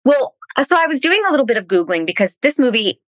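A woman hosting a podcast in casual chat, with quick, self-mocking asides. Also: on the high side, very animated, dry recording. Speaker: podcast host.

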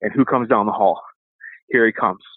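A man, an evangelist guest, telling a lively testimony story and acting out the voices of the people in it. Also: lowish voice, moderate pace, slightly rough, dry recording. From Canada. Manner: animated storyteller, acts out voices. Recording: tinny phone-like line.

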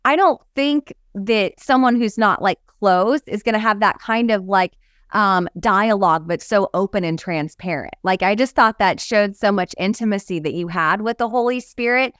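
A woman's voice: mid-range voice, normal speed, fairly bright tone, dry recording, clean studio sound. A woman hosting an interview, responding to her guest in an enthusiastic, affirming way. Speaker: interviewer and host. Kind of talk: warm conversational interview.

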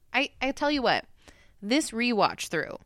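A woman co-hosting a casual TV recap podcast, opinionated and animated, acting out characters' lines in paraphrase. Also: fairly high pitch, slow, dry recording, clean studio sound. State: tipsy from drinking. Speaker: podcast co-host.

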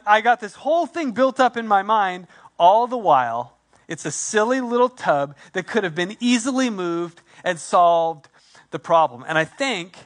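A man preaching a sermon, telling a personal story in an animated way and acting out his own thoughts before drawing the lesson. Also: high voice. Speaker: pastor.

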